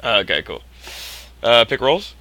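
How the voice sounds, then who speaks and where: Chatty gamer guy, bright tone. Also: mid-range voice, sing-song, measured pace, lo-fi sound, a little hiss or hum. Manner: rambling, lots of likes and uhs, drops to a mutter. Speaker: streamer. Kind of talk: casual gaming stream chat.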